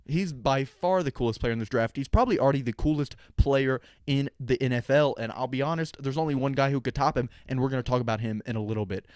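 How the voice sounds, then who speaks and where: A man's voice: mid-range voice, fast, few pauses, a little mellow, no echo. Young guy riffing on sports, jokey and opinionated, dead dry room. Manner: joking, sarcastic, opinionated. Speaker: podcast host. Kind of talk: casual sports talk.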